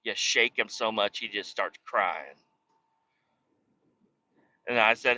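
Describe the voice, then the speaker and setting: A man's voice: on the low side, takes it slowly, long pauses, pushed and bright, muffled recording. A man hosting a podcast, telling a rambling, profane, self-mocking comic story. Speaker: podcast host. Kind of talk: comedic storytelling monologue.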